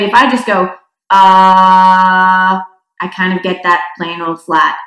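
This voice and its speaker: A woman's voice: medium pitch, sharp tone. A young adult woman from North Dakota teaching a singing lesson, chatty, with demonstration sounds. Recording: echoey room.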